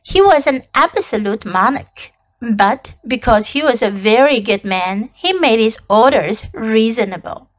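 A woman teacher narrates a storybook in English, reading with clear, deliberate care. Her voice is high and melodic, rising and falling a great deal. She keeps an unhurried pace. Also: lively intonation, rough recording.

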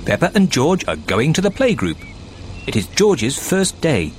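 A man's voice: fairly high pitch, wildly swooping pitch, a little slow, a little hiss or hum. A man giving the scripted narration for a children's cartoon in a storybook manner.

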